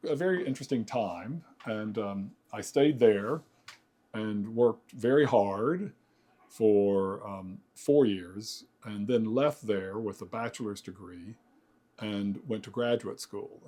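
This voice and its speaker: Reflective older man, low mellow voice. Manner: rambling, reflective, many fillers and self-corrections. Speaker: architect. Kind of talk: oral history interview.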